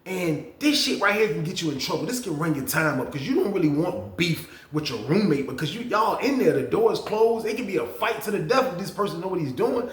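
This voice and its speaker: Animated profane man telling a story. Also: high voice, fairly quick, hardly any pauses, roomy sound. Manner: animated, profane, addresses viewers as y'all. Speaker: storytelling channel host. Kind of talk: casual storytime about prison.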